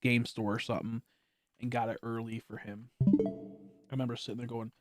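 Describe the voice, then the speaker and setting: A streamer chatting casually over a game, animated, laughing often and swearing freely. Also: mid-range voice, normal speed, faint music behind. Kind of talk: casual gameplay stream chat.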